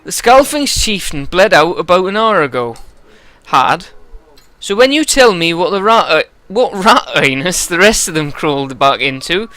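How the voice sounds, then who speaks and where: A man putting on a loud West Country steward. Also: sits high, big pitch swings, moderate pace, dry recording, voice pushed up, exaggerated voice. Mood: harsh. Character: brusque male steward, loud and stern.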